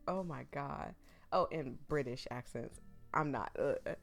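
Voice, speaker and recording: A woman's voice: a bass voice, unhurried, gravelly, faint music behind. A woman playing a dating game, reading the story aloud and reacting in gushing, giggly asides. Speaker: let's play streamer.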